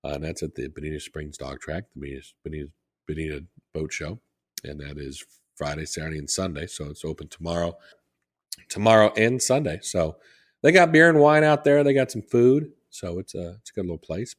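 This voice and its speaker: A man's voice: low voice, breathy edge. A man co-hosting a podcast, talking casually and rambling as he plugs a local business. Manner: rambling, repeats phone number for promotion. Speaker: podcast co-host. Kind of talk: casual chat. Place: Southwest Florida.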